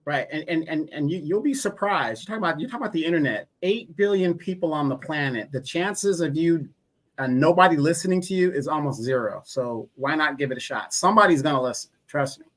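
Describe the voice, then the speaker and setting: A man joining a live stream as a guest, telling stories in a relaxed, casual way. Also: fairly high pitch, fairly quick. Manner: relaxed, storytelling, a few restarts. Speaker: co-host guest. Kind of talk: casual conversation.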